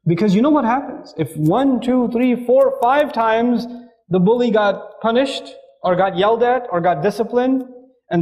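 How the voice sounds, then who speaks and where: A man giving a lively religious talk on raising children, acting out family dialogues as he goes. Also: sits high, poor audio. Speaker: Islamic speaker.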